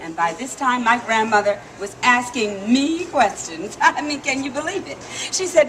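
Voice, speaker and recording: An animated, playful woman storyteller performs live and leads her audience in call-and-response. Her voice is high and bright in pitch. The recording is noisy, with the open sound of an outdoor theme park around her. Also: normal speed. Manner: animated, playful, laughs often.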